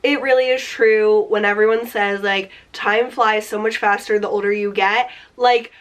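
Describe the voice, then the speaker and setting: A beauty vlogger in her late twenties chats upbeat about her favorite products, saying "like" constantly. Her medium-pitched voice is steady and moderately paced but nasal and congested from a cold.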